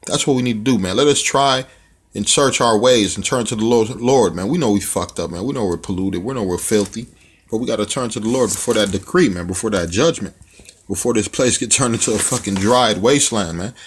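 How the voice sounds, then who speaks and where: A man's voice: fairly low pitch, brisk, slightly rough. A man preaching bluntly with profanity, reading scripture aloud and commenting on it, often tacking "man" onto his phrases. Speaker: religious teacher.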